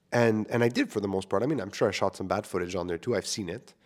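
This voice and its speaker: A man's voice: lowish voice, fast talker. A young man, a filmmaker, talking casually into a microphone to his listeners, candid and self-deprecating, swearing freely. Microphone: studio microphone.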